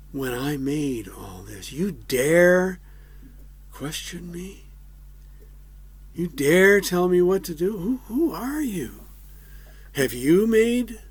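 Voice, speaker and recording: Stern, loud God figure played by a preacher, high and forceful, barrage of challenges. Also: male voice, slightly rough, no echo, full character voice. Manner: booming, demanding questions. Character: stern, towering God rebuking a man.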